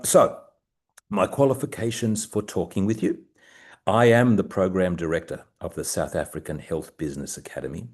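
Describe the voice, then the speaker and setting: Older aussie guy, really deep voice, a bit croaky, slow careful webinar talk. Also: a little mellow. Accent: Australian. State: croaky from the early hour. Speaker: webinar presenter. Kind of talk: business webinar presentation. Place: home at night. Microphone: video call.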